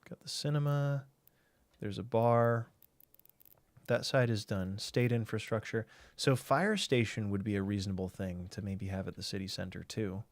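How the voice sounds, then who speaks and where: A man's voice: fairly low pitch, normal speed, dry recording. A man streaming a game, chatting casually and thinking aloud while he answers chat.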